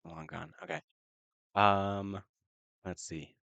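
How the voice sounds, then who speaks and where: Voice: sits low, fairly even intonation, takes it slowly, a bit bright, clear, resonant tone, no room sound, muffled recording. A player in a tabletop game who talks hesitantly with many fillers and laughs often.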